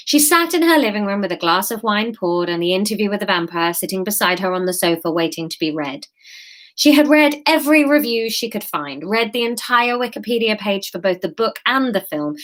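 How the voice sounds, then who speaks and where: A woman's voice: medium pitch, fairly bright tone. A woman in her thirties reading her own story aloud, with playful, self-mocking asides.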